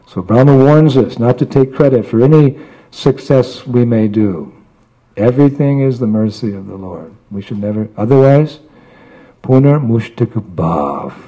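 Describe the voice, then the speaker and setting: Man preacher, husky and mellow, storytelling sermon with playful character voices. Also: medium pitch, poor audio.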